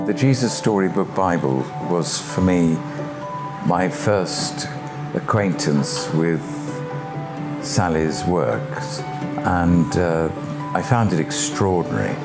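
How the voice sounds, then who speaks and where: A man giving reflective guest remarks, slow and deliberate, with long pauses. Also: sits low, expressive. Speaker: guest actor. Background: guitar music.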